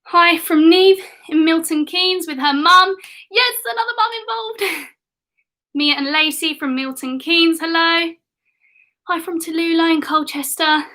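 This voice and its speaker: A young woman, a kids' fitness coach, leads a live home workout for children from a room in her house, counting reps in an upbeat, encouraging way while getting a little out of breath. Her very high-pitched voice is pushed and bright and a little slow. The audio is poor, with a distant mic and reverberant sound.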